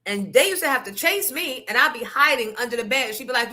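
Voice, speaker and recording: Brief: woman host, casual chat, bright and forceful tone, candid and salty. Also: a little high, lively intonation, fast, hardly any pauses. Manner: candid, profane storytelling with asides to the audience.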